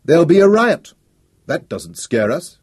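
A man's voice: a little high, big pitch swings, unhurried, darkish tone, husky, dry recording, studio quality, pitched above the performer's own voice, heavily acted. A man voicing a bold, menacing male agitator who talks back in a defiant, taunting way.

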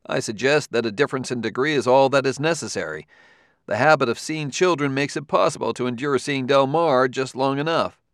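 Reading an audiobook, a man voices a grave male detective questioning a suspect, pitching above his own natural voice. His mid-range delivery is a little fast, captured in a dry, studio-quality recording.

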